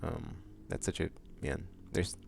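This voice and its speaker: A man hosting his monthly vlog, chatting loosely with lots of fillers, restarts and bursts of excitement. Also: slow, noisy background. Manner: excitable outbursts about upcoming games. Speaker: vlog host. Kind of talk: casual rambling monthly vlog chat.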